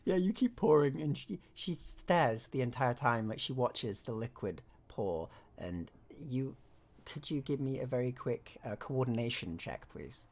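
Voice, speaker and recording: A game master narrating a tabletop horror game in a relaxed, descriptive way. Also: medium pitch, measured pace.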